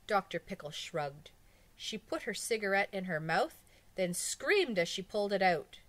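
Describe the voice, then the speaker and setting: A woman reading a children's story aloud in an expressive storybook manner. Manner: expressive, slow, lively pitch. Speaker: audiobook reader. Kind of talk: storybook narration.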